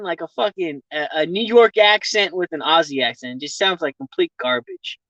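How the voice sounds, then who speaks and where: A man's voice: sits high, animated, a little fast, hardly any pauses, sharp tone, dry recording. A man chats loosely with his live viewers from his vehicle, rambling from one thought to the next and swearing freely. He laughs often as he talks. The sound is dull and lo-fi, with a close, dry feel. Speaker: livestreamer chatting with viewers. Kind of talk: casual live chat. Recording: dull lo-fi stream audio.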